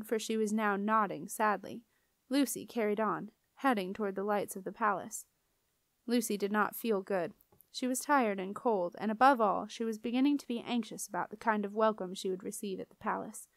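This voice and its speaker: A woman reading a children's fantasy novel aloud in an even, expressive style. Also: medium pitch, no room sound, studio quality. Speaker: audiobook reader. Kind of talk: storybook narration.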